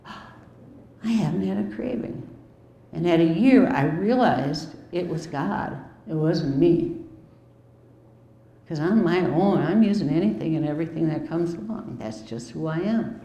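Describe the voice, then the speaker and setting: Poor, roomy audio captures a recovery speaker from Milwaukee in the US Midwest, a woman in her fifties. Her low, mellow voice has lively intonation and a measured pace as she tells her story openly, dropping in wry asides.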